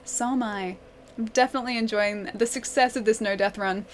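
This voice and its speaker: A woman's voice: on the high side, fairly even intonation, a little fast, a little hiss or hum. A young woman game streamer in casual live-stream chat, giggling often as she reads and answers her viewers' messages.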